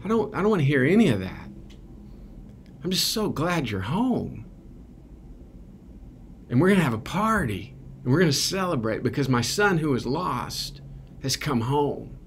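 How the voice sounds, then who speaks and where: A man voicing a loving, forgiving father in a retold parable, speaking gently and pleadingly in a raised voice. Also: sing-song, moderate pace, pauses often, a little hiss or hum. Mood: joyful. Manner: gentle, pleading, higher-pitched. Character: loving forgiving older father, tender and joyful.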